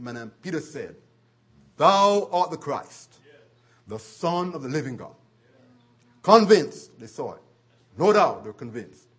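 A man preaching a sermon, retelling scripture stories with chuckles and dramatic slowdowns. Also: mid-range voice, husky.

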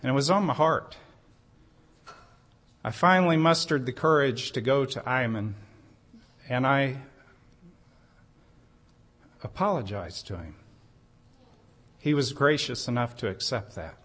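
A man delivers a sermon at a very unhurried pace, weaving a personal story into his teaching. His mid-range voice turns earnest and emphatic as he lifts certain phrases. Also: mid-range voice, lively intonation, fairly bright tone. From United States. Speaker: preacher.

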